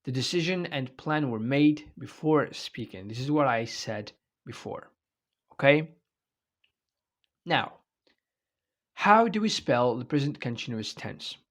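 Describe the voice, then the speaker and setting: A man's voice: medium pitch, animated, measured pace, pauses often, fairly bright tone. Man, online grammar lesson, explanatory teacher, checks in with "right?". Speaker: English teacher.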